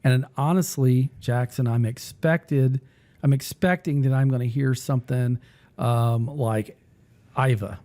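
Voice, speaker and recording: A man hosting a casual talk who rambles and thinks aloud while he clicks through music software. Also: mid-range voice, unhurried. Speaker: music teacher and podcast host.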